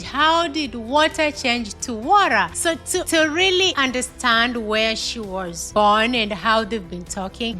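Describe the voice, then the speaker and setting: A woman's voice: on the high side, bright, forceful tone. A woman with a non-American English accent giving earnest advice in a vlog, stressing her points by repeating them. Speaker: vlogger advising immigrants. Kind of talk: direct-to-camera advice vlog.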